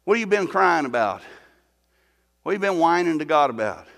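A man's voice: on the high side, sing-song, a little fast, creaky, fairly bright tone, long reverb tail. A man preaching a sermon as pastor, talking in a folksy way, with rhetorical questions and stumbling repeats.

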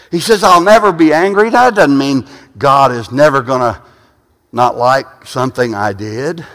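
A man preaching a sermon, often repeating and restarting phrases and building to loud peaks. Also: sits high. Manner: repetitive, restarting phrases, rising to shouts at peaks. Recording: long hall reverb.

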